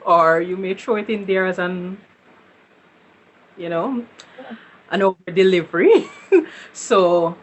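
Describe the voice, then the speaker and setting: A woman's voice: fairly low pitch, fairly bright tone. A Jamaican woman answering interview questions in an upbeat, encouraging way, laughing easily. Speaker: guest.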